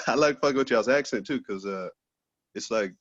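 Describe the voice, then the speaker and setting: A man's voice: mid-range voice, normal speed, fairly bright tone, no room sound, dull audio. A man doing a loose, profane stand-up set over a video call, laughing at his own jokes. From Texas, USA. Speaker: stand-up comedian.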